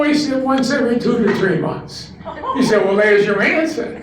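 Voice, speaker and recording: An older man doing stand-up at a retirement home talent show, slowly delivering one-liners and chuckling at his own punchlines. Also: extremely high pitch. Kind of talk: stand-up joke telling. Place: community room of a retirement residence. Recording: echoey room, distant mic, background noise.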